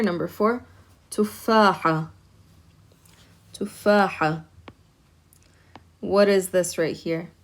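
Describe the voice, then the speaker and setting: A woman with a somewhat low voice teaches an online lesson. She talks patiently, says each word slowly more than once and keeps asking "okay?". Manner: patient, repeats words slowly and checks in with "okay?". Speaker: Arabic teacher.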